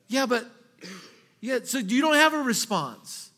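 Animated yet unhurried, a high-pitched male pastor delivers an impassioned sermon. He raises his voice for rhetorical questions, then drops to soft asides, repeating phrases and restarting sentences.

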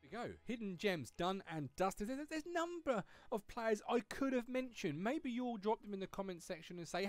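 A man's voice: sits high, big pitch swings, normal speed, hardly any pauses, dry recording, faint music behind. A man hosting a video game guide in a chatty, upbeat, conversational way. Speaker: host.

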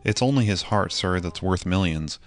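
A man's voice: low voice, moderate pace, soft background music. A man reading an audiobook voices a humble working cab driver who speaks plainly and respectfully. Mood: earnest.

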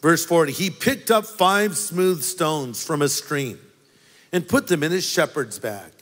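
A man's voice: on the high side, animated, measured pace, fairly bright tone, faint music behind. A man preaching a sermon as pastor, telling a story with playful asides to the congregation. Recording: long hall reverb.

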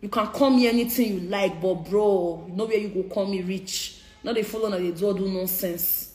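A woman's voice: medium pitch, fairly quick, a little mellow, echoey room. A young woman in her twenties with a Nigerian Pidgin English accent, confronting critics in a heated, repetitive live-stream rant. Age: 20s. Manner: confrontational, repeats her points. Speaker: social media personality.

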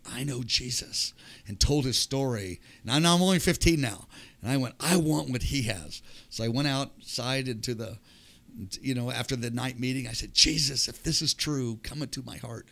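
A man's voice: medium pitch, a bit bright. An older man, a podcast guest, telling his personal testimony with animation and acting out the voices of people in the story.

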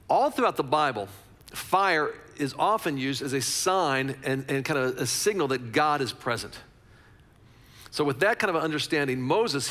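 A man's voice: a little high, pushed and bright, in a large hall. A man preaching a conversational sermon as a pastor, repeating phrases for emphasis.

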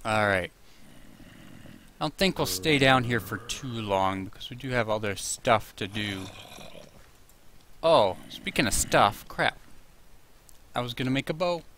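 Slow-talking man narrating his game. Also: mid-range voice, lively intonation, a bit bright, slight background noise. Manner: chatty, jumpy, talks to himself and to monsters. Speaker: gameplay commentator. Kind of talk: casual gameplay commentary.

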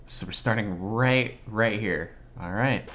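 A man giving excitable, slangy live reaction commentary on an anime episode, exclaiming and swearing often. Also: on the low side, slow, slight background noise.

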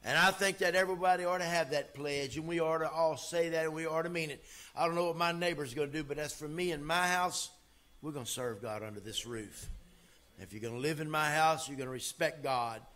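A man preaching a sermon as pastor, folksy and emphatic, swinging from loud to quiet. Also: fairly high pitch, fairly quick.

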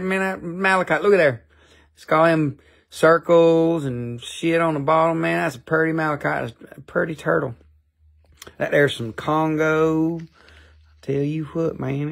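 A man's voice: on the high side, vocal fry, fairly bright tone. A man putting on the voice of a laid-back country drawler who slurs his words and keeps saying "man". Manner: drawling, slurred, says "man" a lot.

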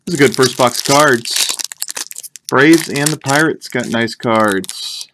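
A man's voice: mid-range voice, measured pace, background noise. A young man chatting casually while opening packs of cards, rambling and joking as he calls out what he pulls. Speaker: card break host. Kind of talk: casual live card-break commentary.

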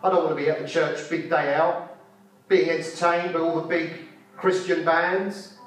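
A fervent man preaches in a slightly high voice, repeating his lines and asking the audience rhetorical questions. He is recorded from far off in a very echoey hall, with faint music underneath. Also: flat delivery, normal speed, slight background noise. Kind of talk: sermon. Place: conference hall.

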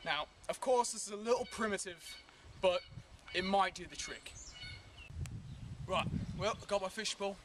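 A man hosting a parody survival show outdoors in the woods, with deadpan how-to narration that breaks into comic ranting. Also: sits high, moderate pace, distant mic. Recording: outdoor recording with clear background noise.

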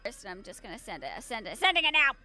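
A young woman playing a co-op game, excitable, gasping and squealing at the scares. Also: fairly high pitch, fast. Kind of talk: casual co-op gameplay chat.

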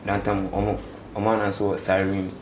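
A young man from Ghana telling his story in a casual street interview, speaking haltingly and mixing English with local words. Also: deep voice, monotone. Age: young adult. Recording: echoey space with faint background noise.

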